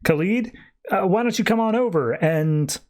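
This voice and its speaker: A sly young woman coaxing a friend to join her, as a man puts her on. Her voice is pitched higher than his own. She speaks in a lightly wheedling way. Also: animated, moderate pace, darkish tone.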